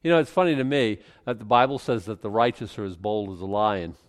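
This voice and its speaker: A man preaching a sermon, reading scripture aloud and commenting in an animated way, chuckling often and restarting his sentences. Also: fairly low pitch, brisk. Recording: long reverb from a large hall.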